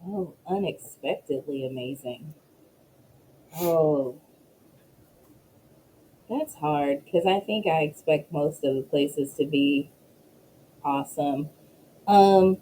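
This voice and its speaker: Woman professor chatting as a guest, laughs a lot, lower voice, bit of hiss behind. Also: takes it slowly, long pauses, poor audio. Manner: animated, laughing, storytelling. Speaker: professor and associate dean, guest. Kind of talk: casual interview.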